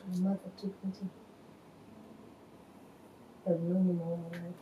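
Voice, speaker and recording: Woman, 40s, from Nigeria, halting testimony; low mellow voice, roomy echo. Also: flat delivery, slight background noise. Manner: halting, hesitant storytelling. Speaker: reality show contestant. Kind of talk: emotional personal testimony. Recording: echoey room, faint ambience.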